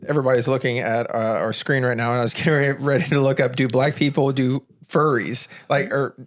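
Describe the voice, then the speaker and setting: A man's voice: medium pitch, fairly even intonation, brisk. Rambling, stop-start male podcast host. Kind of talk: casual chat.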